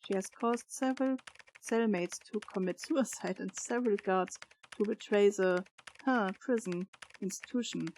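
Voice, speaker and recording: A woman's voice: medium pitch, normal speed, darkish tone, slight background noise. Woman gamer reading game text aloud. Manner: stumbles over hard words, playful asides. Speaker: gaming streamer.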